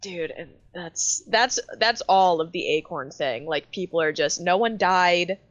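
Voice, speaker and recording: A young adult woman co-hosting a podcast, telling an animated story with swearing and lots of fillers. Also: lowish voice, a little slow, dry recording, lo-fi sound, faint music behind. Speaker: podcast co-host. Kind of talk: casual chat.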